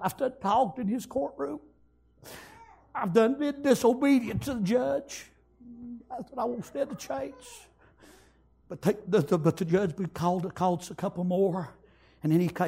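A man preaching, telling a story in a sermon, swinging from hushed whispers to loud shouted praise. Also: high voice, breathy edge.

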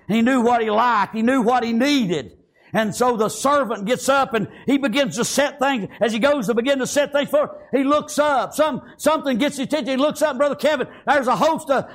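High-voiced preacher with drawl. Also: male voice. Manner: swings between shouted, high-pitched peaks and low, quiet asides, with frequent amens. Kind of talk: fiery sermon.

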